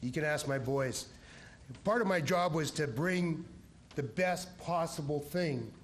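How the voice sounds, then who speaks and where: Rambling coach telling a team story. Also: male voice, on the high side, unhurried. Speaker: head coach giving an induction speech. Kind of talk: speech at an awards ceremony. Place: banquet hall.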